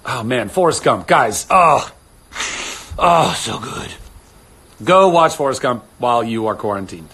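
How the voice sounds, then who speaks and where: A man's voice: mid-range voice, expressive, measured pace, bright, forceful tone, a little hiss or hum. Playful man rambling on a phone livestream. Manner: playful and rambling, trying out accents. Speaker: actor hosting a livestream. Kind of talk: casual livestream chat answering comments.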